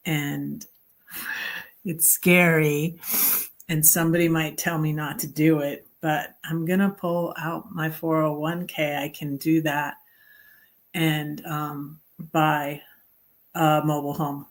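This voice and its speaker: A middle-aged woman from the United States hosting a casual livestream, rambling and halting with many ums, and greeting viewers brightly. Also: deep voice, level tone. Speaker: livestream host.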